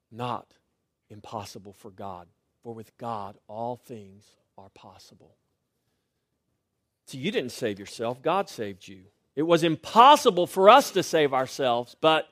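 A middle-aged male pastor preaching a sermon, swinging between loud rising lines and quiet, hushed refrains. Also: medium pitch, no room sound, clean studio sound.

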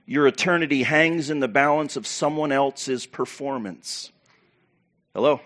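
A pastor preaching to his church, animated and preacherly, with loud bursts and quiet asides. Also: mid-range voice, unhurried. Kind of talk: sermon.

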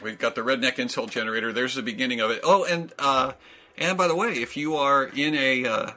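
A man's voice: mid-range voice, brisk, pushed and bright. A man hosting a casual comedy chat over a video call, rambling with lots of fillers. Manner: rambling, playful, many fillers. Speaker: host.

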